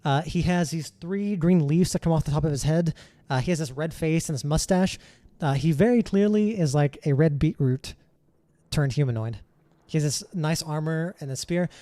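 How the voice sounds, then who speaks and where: A man's voice: fairly high pitch, normal speed, warm tone, no room sound. Casting note: male game master, loose rambling narration, dry close mic. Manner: rambling, hesitant, with many fillers.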